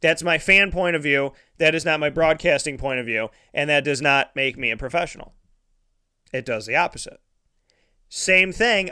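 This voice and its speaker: Sports talk guy ranting live, high bright voice, sharp and sarcastic, keeps repeating himself. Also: moderate pace, clean tone. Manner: heated, sarcastic, repetitive ranting. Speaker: sports broadcaster.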